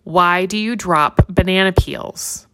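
A woman's voice: fairly low pitch, slow, sharp tone, clean tone, exaggerated voice. A woman voicing a bold young girl in a children's story, with a raised, eager voice. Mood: friendly. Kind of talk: children's story read-aloud.

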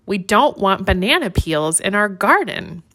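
Eager lil girl from a kids story, bright n bouncy, woman doing her voice. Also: medium pitch, very animated, measured pace, a little hiss or hum. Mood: friendly. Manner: raised, eager, scolding. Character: bold young girl in a storybook. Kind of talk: children's story read-aloud.

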